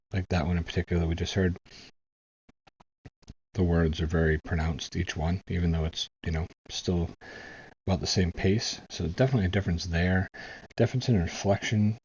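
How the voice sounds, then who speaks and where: A very low, husky American man talks casually to his viewers, thinking out loud and groping for words. The sound is a bit dull and muffled. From United States. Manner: musing, searching for words. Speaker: reaction video host. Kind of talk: casual commentary.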